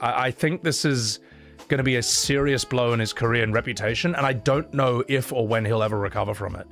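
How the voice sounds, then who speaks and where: A man's voice: medium pitch, fairly quick, a bit bright, soft background music. A man livestreaming, chatting casually and reading donation messages. He rants with profanity and strong opinions. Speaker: streamer.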